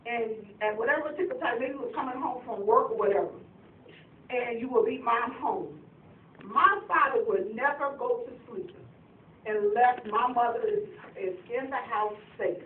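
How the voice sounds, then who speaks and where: A woman's voice: on the high side, narrow, tinny audio, slight background noise. A middle-aged woman, telling heartfelt family stories as she addresses her parents at their anniversary. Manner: storytelling, emotional, addresses parents directly. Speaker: daughter giving an anniversary speech. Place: family gathering in a room. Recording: far-off echoey phone recording.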